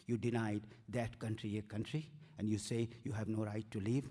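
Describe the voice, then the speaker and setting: A man's voice: on the low side, level tone, normal speed, few pauses, mellow. Declamatory man orating in a hall. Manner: rhetorical, declamatory, repeating phrases. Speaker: speaker at a community event. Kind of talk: impassioned speech. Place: event hall. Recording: reverberant hall.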